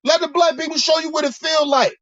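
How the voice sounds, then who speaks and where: A man's voice: very high voice, steady tone, fairly quick, fairly bright tone, dry recording, lo-fi sound. A man delivering a heated, profane monologue rant, preaching and repeating himself as he builds his points. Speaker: commentator.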